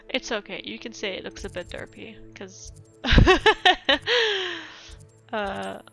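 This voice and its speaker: A woman's voice: a little high, sing-song, extremely slow, vocal fry, long pauses, sharp tone, soft background music. A European woman streaming a game, chatting casually, laughing often and reading chat aloud.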